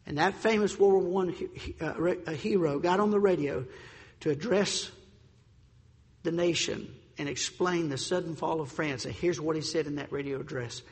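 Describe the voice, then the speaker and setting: A male preacher with a high-pitched voice delivers a sermon in an emphatic, deliberate way, drawing out the words he wants to land. He sometimes trips over a word and restarts. His voice rings out in a long hall reverb. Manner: emphatic, slows for stressed points, stumbles on words.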